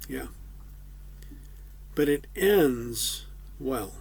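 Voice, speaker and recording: A man's voice: medium pitch, a little mellow, slightly rough. A man preaching a conversational sermon, folksy with casual asides.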